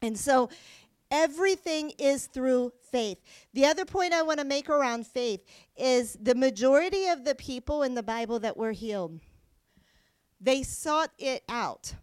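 A woman's voice: high voice, expressive, measured pace, clean tone, dry recording. A woman giving an earnest sermon-style Bible teaching, reading verses aloud and explaining them with emphasis. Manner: earnest, reads scripture then explains with emphasis.

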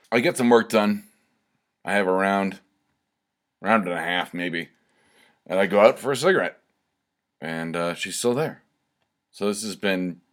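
A man's voice: low voice, a bit bright. A man telling a long personal anecdote in a loose, conversational way, full of asides and fillers. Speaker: storyteller. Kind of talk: casual anecdote storytelling.

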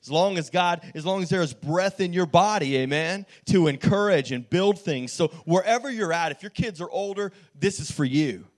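A man preaching a sermon as pastor in church, telling a lively story with frequent restarts and calls to the congregation. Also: sits high, normal speed, few pauses.

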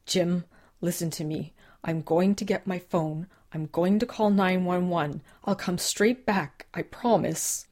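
A woman reading an audiobook voices a panicked young woman trying to save a dying friend, pleading and crying out loudly. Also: fairly low pitch, unhurried. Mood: urgent. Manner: frantic, pleading, breaking into loud cries.

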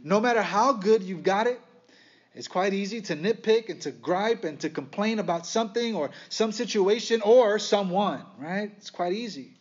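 A man with a high, light voice preaches a sermon, throwing out rhetorical questions and wry asides with lively energy. The sound is slightly dull and lo-fi. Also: normal speed. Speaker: pastor.

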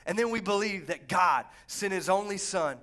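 A man preaching a lively, conversational Pentecostal sermon, swinging from quiet asides to fervent shouts. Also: high voice, moderate pace. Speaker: pastor.

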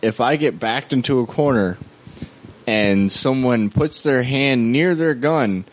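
A man in casual podcast banter who drops deadpan, joking quips. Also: medium pitch, slow pace.

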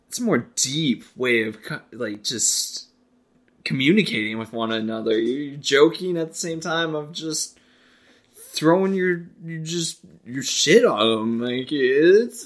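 A man's voice: a little high, big pitch swings, slow. Dry-joking young man in casual chat. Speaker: podcast co-host.

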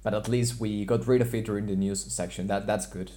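A man co-hosting a student radio show, chatting in an upbeat, relaxed way. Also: fairly low pitch, a little fast. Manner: upbeat, relaxed, laughs easily. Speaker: radio co-host. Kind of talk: casual radio banter.

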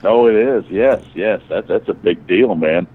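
A man co-hosting a podcast who tells stories in an animated way and laughs often. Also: on the low side, a little slow, slightly rough. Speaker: podcast co-host. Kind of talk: casual storytelling chat. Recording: tinny phone-like sound.

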